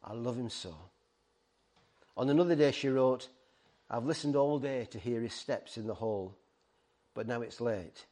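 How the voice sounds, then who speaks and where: A man's voice: mid-range voice, unhurried, long pauses, dark tone. A middle-aged man preaching a sermon, earnest and pleading, stumbling over words and restarting. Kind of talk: sermon to a ministry team.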